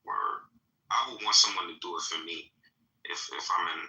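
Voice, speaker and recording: A man guesting on a casual chat, talking in a measured, oddly formal way. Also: low-pitched, bright, forceful tone. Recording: distant, echoey mic.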